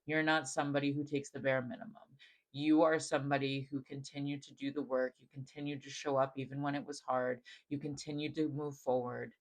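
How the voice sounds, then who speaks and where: A man giving a channeled spiritual message straight to the viewer, gentle and affirming, repeating phrases and using many "like" fillers, often dropping to a soft hush. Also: mid-range voice, level tone, fairly quick, poor audio.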